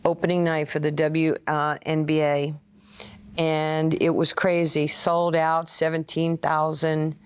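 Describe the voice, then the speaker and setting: A woman tells stories in an interview, in a fairly low voice. She is an animated storyteller who acts out the voices of the people in her stories. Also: takes it slowly, smooth. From Brooklyn, New York. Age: 60s. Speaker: interview guest, former player and coach. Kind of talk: conversational storytelling.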